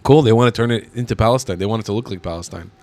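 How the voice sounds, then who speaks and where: A man's voice: lowish voice, rapid-fire, warm tone. A man giving indignant, mocking reaction commentary on video clips.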